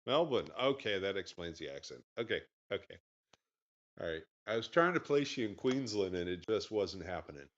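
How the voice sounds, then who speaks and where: A man on a video call, telling a relaxed, rambling travel story in casual chat. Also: sits low, moderate pace. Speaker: group participant. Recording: dull lo-fi call audio.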